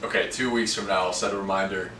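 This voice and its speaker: A deep, bright, forceful man's voice with fairly even intonation, talking fast. Co-hosting a sports betting podcast in casual conversation, he plainly lays out stats and reasons behind his picks. The recording is echoey, with a distant mic and faint hiss.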